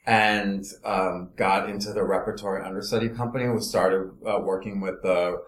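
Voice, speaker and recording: A man from Los Angeles, a guest in an interview, telling his career story in an animated, meandering way. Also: deep voice, moderate pace, reverberant. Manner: animated storytelling, trailing off and restarting. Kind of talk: casual conversational interview.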